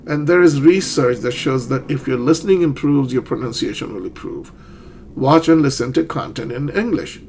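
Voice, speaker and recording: A man's voice: mid-range voice, moderate pace, darkish tone, a little hiss or hum. A middle-aged man teaching an online English lesson, explaining steps and checking in with "okay?" and "right?".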